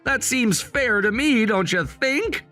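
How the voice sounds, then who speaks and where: A man's voice: very high-pitched, expressive, slow pace, sharp tone, soft background music, heavily acted. A man playing a cold, calculating grown son. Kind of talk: voiced story narration drama.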